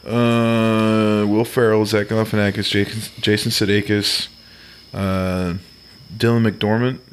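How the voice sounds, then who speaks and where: A man's voice: lowish voice, flat delivery, unhurried, clean tone. A man chatting casually among friends, laid-back and swearing casually. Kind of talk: casual chat.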